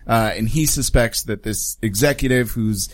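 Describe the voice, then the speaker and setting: A man's voice: lowish voice, normal speed. Chatty man rambling through a review. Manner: rambling, laughs often, many fillers. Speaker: podcast co-host. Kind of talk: casual chat and film review.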